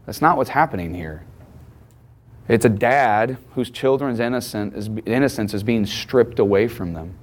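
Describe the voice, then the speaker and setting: A man's voice: medium pitch, normal speed. Brief: man in his thirties, pastor, preaching with emphatic, conversational delivery. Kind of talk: sermon.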